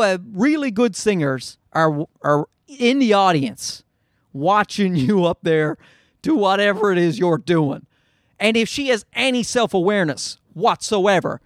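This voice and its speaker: A man with a high, very animated voice rambles through a profane, self-mocking comedy monologue. As a podcast host he riffs loosely and laughs at himself. The recording is dry and close. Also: no echo.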